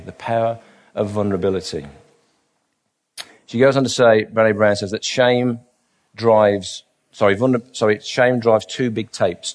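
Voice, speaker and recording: A man preaching a sermon, earnest, asking rhetorical questions and softly voicing inner doubts. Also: lowish voice.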